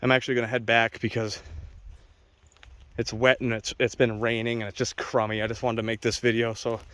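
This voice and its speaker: A man's voice: mid-range voice, flat delivery, fairly quick, fairly bright tone, dry recording. Blunt man vlogging outdoors. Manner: blunt, opinionated, talks straight to viewers. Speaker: dog trainer. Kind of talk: casual outdoor vlog commentary. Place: outdoors on a wet walk with his dog.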